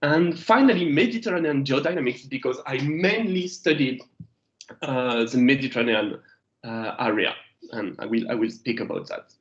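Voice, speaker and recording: Via an echoey, low-fi video call, a guest geologist from France in his thirties addresses students in English. His medium-pitched, French-accented speech is halting, with frequent restarts as he hunts for words.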